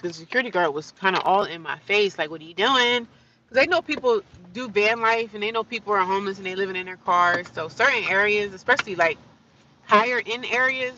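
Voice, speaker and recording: Bright-voiced woman livestreaming from her car. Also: medium pitch, far from the mic, highs cut off, slight background noise. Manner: chatty, rambling, talks to viewers. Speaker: livestreaming vlogger. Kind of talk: casual livestream chat. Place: inside a parked or slowly driving car.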